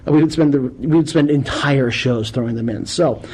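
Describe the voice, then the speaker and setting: A man hosting a call-in radio show, chatting casually and animatedly with loud bursts of exclamation. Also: medium pitch, brisk, husky, low-quality recording.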